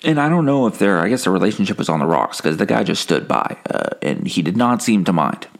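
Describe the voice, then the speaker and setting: A man with a low, gravelly voice delivers an absurdist comic monologue in a deadpan way. His pitch swings widely as he wanders and corrects himself. He steers everyday stories toward dark punchlines. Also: quick pace. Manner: deadpan, rambling with self-corrections. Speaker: comedy podcast host.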